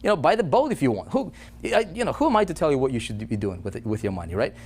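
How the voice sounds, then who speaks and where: A man giving a motivational sales pitch, persuasive and full of "right?" and "you know". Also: big pitch swings, racing, darkish tone, a little hiss or hum. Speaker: online business presenter.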